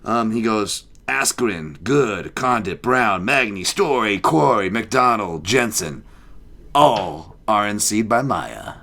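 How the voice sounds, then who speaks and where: A man hosting a podcast, chatting casually about martial arts and reading listener picks, animated and quick to laugh. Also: on the low side, vocal fry. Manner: animated, laughs often, joking. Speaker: podcast host.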